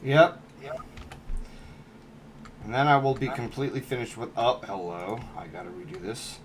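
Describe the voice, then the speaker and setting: Host type, easygoing guy chatting through an edit stream, middle pitch. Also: expressive, moderate pace, background noise. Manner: laid-back, chatty, trails off mid-sentence. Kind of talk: casual chat while editing on stream.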